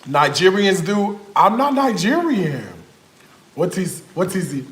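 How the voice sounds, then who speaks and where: A man hosts a live cooking stream, talking straight to his viewers in a casual, disbelieving way. His slightly high voice swings up and down a lot. The sound bounces around a roomy home kitchen, with a faint hiss behind it. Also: slow pace. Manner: animated, incredulous, talks to viewers as y'all. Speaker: cooking livestream host. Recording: roomy kitchen echo, faint background noise.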